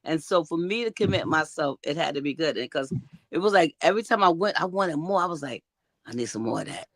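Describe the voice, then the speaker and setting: A woman's voice: low-pitched, expressive, fast, fairly bright tone, no echo. An older woman who is a grandmother, speaking as a guest and telling stories in an emphatic, folksy way while acting out what people said. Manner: emphatic, folksy storytelling, acts out quotes. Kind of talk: casual chat.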